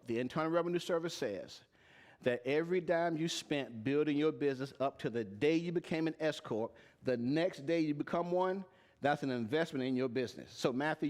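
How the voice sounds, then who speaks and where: In a live-streamed teaching talk, a man covers tax and payroll for a live audience, speaking plainly and emphatically and repeatedly putting questions to them. His voice is slightly high with a darkish tone.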